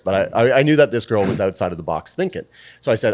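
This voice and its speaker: A man who is a guest on a podcast, telling stories in a casual, animated way, swearing freely and acting out the dialogue. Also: lowish voice, fast. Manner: animated, profane, plays out dialogue. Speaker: podcast guest, PR firm president. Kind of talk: casual storytelling.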